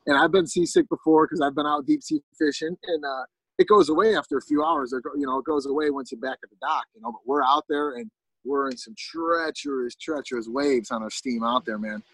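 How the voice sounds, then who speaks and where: A man's voice: on the high side, big pitch swings, brisk, gravelly, a bit bright, slightly rough, dry recording, poor audio. A man casually telling a long story as a podcast guest, rambling with lots of fillers and restarts.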